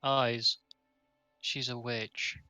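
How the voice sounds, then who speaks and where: A man's voice: medium pitch, flat delivery, very slow, bright, forceful tone, smooth, no room sound, faint music behind. Blunt, terse man at the table. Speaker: player. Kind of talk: casual game chat.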